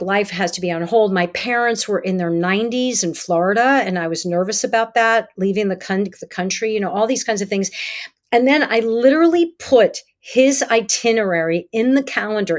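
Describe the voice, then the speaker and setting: A middle-aged woman, a psychotherapist guest in an interview, telling stories in a lively way and acting out quoted dialogue. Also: mid-range voice. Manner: animated, acts out quoted dialogue. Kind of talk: conversational interview storytelling.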